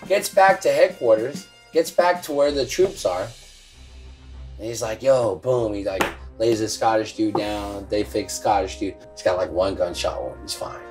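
A man's voice: fairly low pitch, normal speed, darkish tone, faint music behind. A tipsy man rambling through a comic history story, laughing and swearing as he goes. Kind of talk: tipsy comedic history retelling.

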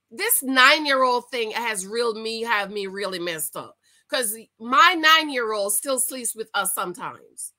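A woman's voice: fairly high pitch, expressive, a little slow, pushed and bright, low-quality recording. A middle-aged woman hosting a commentary vlog, reading news aloud and reacting indignantly while talking straight to her viewers. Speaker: YouTube commentary host.

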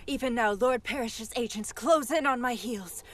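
A man's voice: very high-pitched, moderate pace, fairly bright tone, a little hiss or hum, pitched above the performer's own voice. A man voicing a desperate young queen who pleads urgently while hiding in a storybook game. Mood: pleading.

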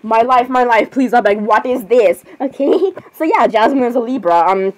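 A woman performing a playful fan role-play skit, voicing several princesses with excitable, dramatic exclamations and flustered restarts. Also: on the high side, moderate pace, low-quality recording.

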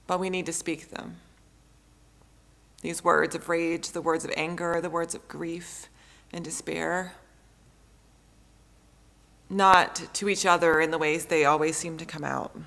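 Slow, measured woman preaching a sermon. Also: deep voice, little pitch movement, creaky, fairly bright tone. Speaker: pastor.

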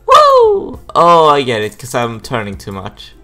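A young man hosting a gaming video, giving casual gameplay commentary with frequent excited exclamations and giggles. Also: medium pitch, normal speed, faint music behind.

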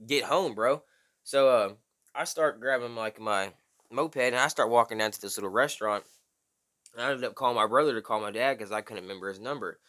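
A young man telling a story casually, full of slang and "bro", loudly acting out the people in it. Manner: slangy, animated, says "bro" often; acts out quotes in high strained voice. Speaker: vlogger.

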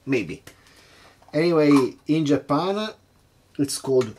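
A man's voice: on the high side, lively intonation, a little slow, a little mellow, a little hiss or hum. A man hosting a casual cocktail-making vlog at his home bar, chatty and hesitant, nervously poking fun at himself. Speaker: home bartender host.

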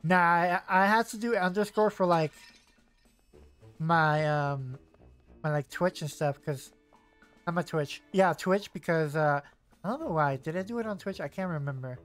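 A young man streams a video game in a casual let's-play chat, rambling with lots of fillers and self-corrections. His voice is a little high, smooth and fairly bright, at a measured pace, with faint music behind.

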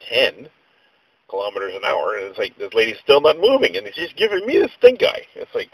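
A man's voice: lowish voice, huge pitch swings, a little fast, husky, poor audio. A man vlogging a casual rant, telling stories in a rambling, exasperated way with mild slang.

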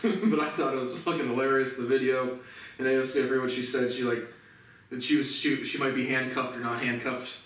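A man's voice: mid-range voice, little pitch movement, brisk, fairly bright tone. A man vlogging in a casual, rambling monologue, profane and sarcastic, often chuckling. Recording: very echoey room, distant mic.

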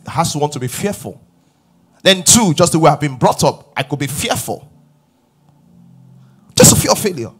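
A middle-aged man preaching a sermon as pastor, emphatic and rising to shouts. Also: sits high, breathy edge.

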